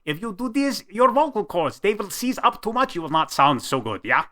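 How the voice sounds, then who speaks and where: Man doing a blunt Eastern European accent: pitched up, rolled R's, hard consonants. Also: big pitch swings, moderate pace, bright, forceful tone, heavily acted. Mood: instructive. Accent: Eastern European (put on). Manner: instructive, tag questions.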